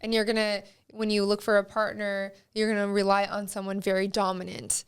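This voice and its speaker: A young woman, a guest on a casual podcast, explaining ideas in a measured, lecturing way. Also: medium pitch, completely flat delivery, clear, resonant tone.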